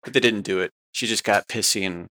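A man's voice: fairly low pitch, brisk, pushed and bright, no echo. A man co-hosting a casual fan podcast, easygoing and fond of "you know". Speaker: podcast co-host.

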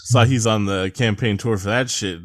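Low-voiced young man, deadpan sarcastic podcast co-host, dry close sound. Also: normal speed, dry recording. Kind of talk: casual chat.

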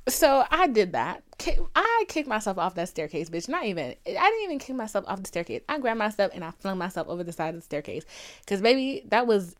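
A woman's voice: mid-range voice, brisk. A young woman hosting a podcast, telling a rambling, profane story about her dating life and acting out the voices of people in it. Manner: profane, dramatic, quotes others in animated put-on voices. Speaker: podcast host. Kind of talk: casual storytelling rant.

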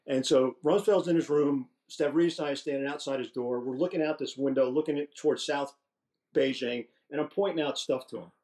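A man's voice: on the high side, brisk. A man in his sixties, a retired general guest, telling casual stories with restarts and mild swearing. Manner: animated, profane anecdotes with restarts. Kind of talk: casual storytelling.

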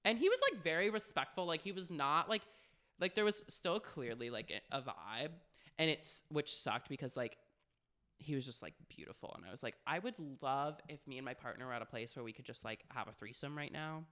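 Young guy on a podcast, super bright crisp voice, says like every other word, swears a lot. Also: fairly high pitch, a little fast. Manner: frank and profane, heavy "like" fillers. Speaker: podcast co-host. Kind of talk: casual storytelling chat.

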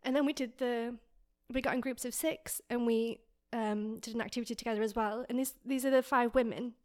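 Her pitch is on the high side and her tone darkish, with fairly even intonation and a slightly quick pace. She's a podcast co-host recounting an emotional story, tearful and packing in lots of "like."

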